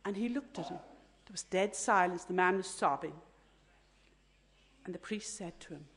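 A woman telling a faith story in an earnest storytelling talk. She often drops to a hushed voice at the moving moments. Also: mid-range voice, expressive, moderate pace.

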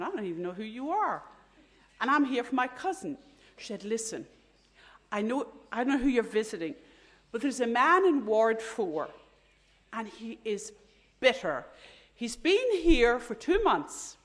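A woman telling a faith story in an earnest storytelling talk. She often drops to a hushed voice at the moving moments. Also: a little high.

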